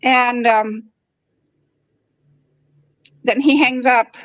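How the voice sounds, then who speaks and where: A woman's voice: a little high, fairly even intonation, very slow, dry recording, highs cut off. A woman in her fifties telling a personal story in a frank, conversational way. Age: 50s. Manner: frank and conversational, acting out quoted dialogue. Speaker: podcast host.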